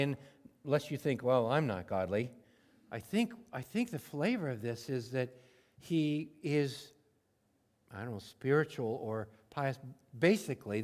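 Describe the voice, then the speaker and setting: A man preaching a sermon in a conversational way, acting out prayers in everyday words and moving between emphatic bursts and hushed moments. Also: medium pitch, expressive, moderate pace. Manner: conversational, swings from loud emphatic to soft and hushed. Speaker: pastor.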